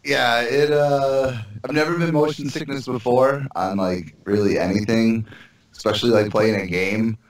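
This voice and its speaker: A man's voice: mid-range voice, fairly even intonation, normal speed. Rambling laid-back podcast guy. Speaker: podcast co-host. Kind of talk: casual banter.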